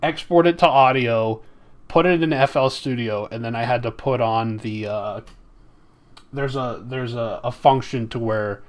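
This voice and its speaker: A man hosting his album release live stream, chatting casually with viewers, rambling and swearing freely into a close desktop mic. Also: lowish voice.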